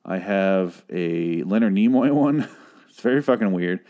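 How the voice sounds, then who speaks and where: A man with a fairly low voice hosts his podcast and recaps a TV episode. He rambles, swears freely and mocks what he watched. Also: animated, measured pace, narrow, tinny audio. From Phoenix, Arizona, USA. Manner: rambling, sarcastic, swears a lot. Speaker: podcast host. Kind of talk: casual profane TV recap.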